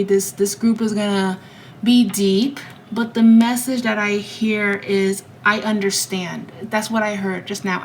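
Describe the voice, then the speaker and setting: A woman's voice: mid-range voice, a little hiss or hum, rough recording. A woman giving a pick-a-card tarot reading, speaking straight to her viewers in an emotive, heartfelt way. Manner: emotive, direct address to viewers. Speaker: tarot reader.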